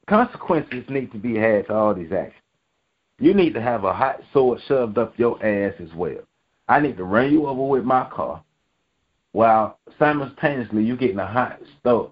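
A man's voice: fairly low pitch, animated, normal speed. A man hosting a sports podcast, ranting angrily with constant profanity and repetition. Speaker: podcast host. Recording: dull lo-fi podcast audio.

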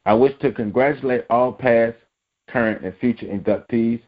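A man's voice: mid-range voice, moderate pace, highs cut off. A man giving casual sports talk commentary, blunt and slangy, hammering his points with repetition.

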